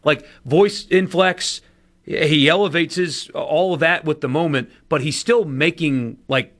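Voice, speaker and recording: A man co-hosting a casual sports talk radio show, with a lively, animated delivery. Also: fairly high pitch, unhurried. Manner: animated, lively inflection, runs winner and loser segment.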